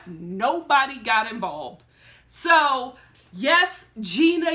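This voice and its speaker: A woman from Philadelphia telling a story in a casual reaction vlog, animated and laughing often. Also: on the high side. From Philadelphia, USA. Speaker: reality TV reaction vlogger.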